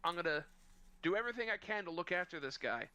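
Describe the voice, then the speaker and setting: A man's voice: high voice, animated, fast, sharp tone. A man telling a rambling, crude, mock-sentimental story in casual chat with friends. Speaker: podcast co-host telling a story.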